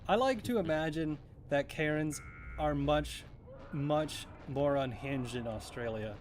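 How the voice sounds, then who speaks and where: A man's voice: a little high, slow, slight background noise. A man from New Zealand streaming a game, chatting casually in a rambling, joking and profane way. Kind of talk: casual chat while gaming.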